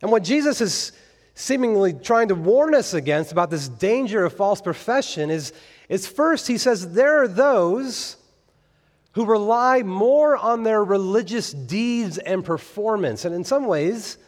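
A man's voice: high voice, expressive, a little slow, long reverb tail. A man preaching a sermon as pastor, earnest and building to emphatic peaks on key phrases. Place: church sanctuary.

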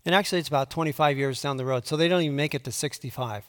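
High-voiced preacher in a reverberant hall. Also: male voice, racing. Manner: conversational Bible teaching, swings from quiet to emphatic. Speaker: pastor. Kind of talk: sermon.

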